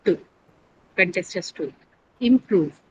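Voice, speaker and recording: A woman teacher leading an English pronunciation lesson, patiently repeating each word slowly for her students. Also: lowish voice, lively intonation, lo-fi sound, a little hiss or hum. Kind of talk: classroom lesson on syllables and stress.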